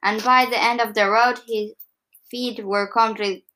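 A woman reading a story aloud haltingly, stumbling and restarting lines. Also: a little high, fairly even intonation, bright, forceful tone. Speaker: co-reader of the story.

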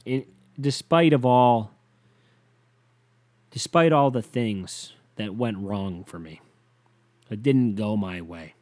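A man hosting a podcast, ranting casually and profanely, sighing often and swinging between loud outbursts and low muttering. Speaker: podcast host.

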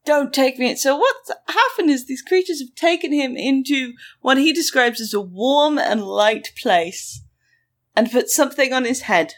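Animated woman telling a story. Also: high-pitched, a little slow. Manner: animated, sarcastic, acts out quotes. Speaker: podcast host telling a story. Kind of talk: casual storytelling chat.

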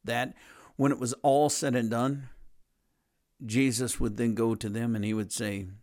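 A man's voice: mid-range voice, little pitch movement, a little slow, a little mellow. Earnest man preaching a plain-spoken sermon. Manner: earnest, plain-spoken, repeats and restarts phrases. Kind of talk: conversational sermon.

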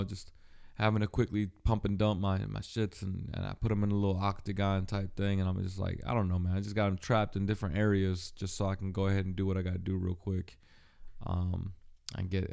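A man hosting a podcast, talking alone in a halting, profane, emotionally raw way, with many restarts and fillers. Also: sits low, vocal fry, warm tone. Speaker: podcast host. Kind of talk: personal solo monologue.

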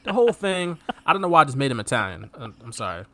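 A man's voice: mid-range voice, big pitch swings, fast, bright, forceful tone. A man co-hosting a podcast, riffing sarcastically on a movie and laughing often. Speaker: podcast co-host. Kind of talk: casual movie review chat.

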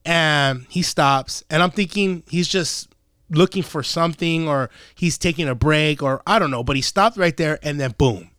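Young male podcast host, swearing storyteller, slightly high voice, dry close sound. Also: normal speed, smooth, no echo. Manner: profane, animated, acts out quotes. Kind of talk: casual storytelling chat.

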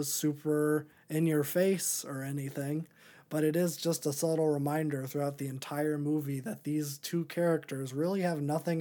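A man's voice: a little high, mellow. A man hosting a podcast, chatting casually through a movie review with many ums and restarts. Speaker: podcast host.

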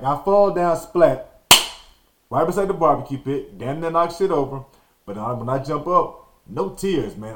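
A man hosting a podcast, telling a childhood story in a casual, animated way and acting out quotes and sound effects. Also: mid-range voice. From Texas.

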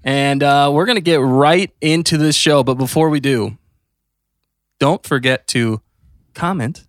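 A man hosting a casual podcast chat, excitable and joking, laughing often. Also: fairly high pitch, measured pace, long pauses, no echo, clean studio sound. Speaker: podcast host.

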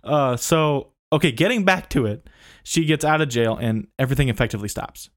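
A man's voice: medium pitch, fairly quick. Man, casual podcast co-host, easygoing storytelling, laughs a lot. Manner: laid-back storyteller, laughs often. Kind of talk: casual chat.

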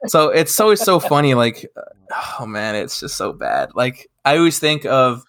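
A man's voice: medium pitch, big pitch swings, moderate pace, fairly bright tone. A young man in his twenties hosting a podcast, chatting casually in a rambling way full of fillers and swearing. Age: 20s. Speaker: podcast host.

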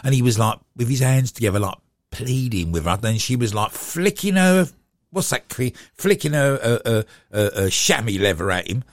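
A man co-hosting a casual chat show, rambling and quick to laugh. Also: mid-range voice, animated, no room sound, clean studio sound. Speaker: co-host. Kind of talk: casual banter.

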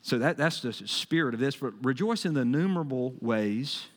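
A male pastor preaching a sermon, emphatic and folksy, swinging between loud bursts and quieter asides. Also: mid-range voice, lively intonation, moderate pace. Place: church sanctuary. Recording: long hall reverb.

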